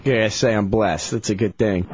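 A man's voice: fairly low pitch, moderate pace, husky, dry recording, lo-fi sound. A man co-hosting a radio show in casual banter, laid-back and saying "man" a lot. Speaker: radio co-host.

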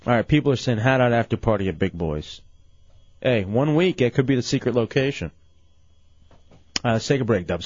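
A man hosting a casual late-night radio show, animated and full of incredulous questions, his voice going hoarse. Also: medium pitch, a little fast, long pauses, no room sound, muffled recording.

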